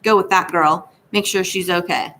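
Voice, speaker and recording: A stubborn old man with a hurt foot grumbles and scolds in a clipped, folksy way, as a woman reading a storybook puts him on. The voice sits fairly low and carries a stern, proud edge. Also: fairly even intonation, normal speed, sharp tone, a little hiss or hum. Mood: gruff.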